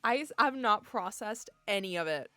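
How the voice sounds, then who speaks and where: A woman's voice: medium pitch, animated, moderate pace, sharp tone, no echo. A young adult woman streaming from home, chatting casually with her viewers in a giggly, easily emotional way. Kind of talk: casual chat with live viewers. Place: home room.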